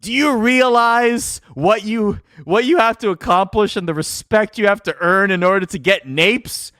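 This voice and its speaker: A scornful veteran wrestling boss snaps back in mock outrage, as a man acts him out, pushing his voice up high and loud. The delivery is huffy and incredulous. The sound is dry and close. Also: moderate pace, dry recording.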